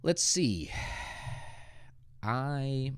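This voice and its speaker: A man's voice: medium pitch, lively intonation, extremely slow, clear, resonant tone, no echo, clean studio sound. An American man hosting a casual livestream, teaching English and answering viewer questions, thinking aloud with hesitant restarts.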